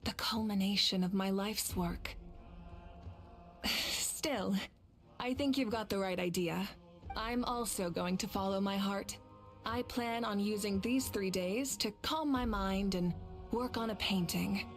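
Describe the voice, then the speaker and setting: An actress playing a calm, steady woman leader in a game, speaking in a composed, reassuring way. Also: mid-range voice, a little slow, natural voice. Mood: reflective. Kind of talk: game voice acting. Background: game music.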